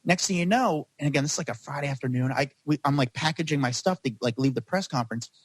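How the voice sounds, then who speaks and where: Fast-talking man telling long stories. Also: a little high, slightly rough, no room sound. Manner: rapid, rambling, heavy use of "like". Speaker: paparazzo guest. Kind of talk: storytelling in a podcast interview.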